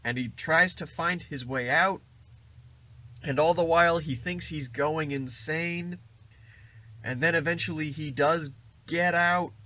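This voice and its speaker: A man's voice: fairly high pitch, a little slow, pushed and bright. A man casually recapping a film plot in a rambling, jokey way. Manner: rambling, jokey retelling with acted quotes.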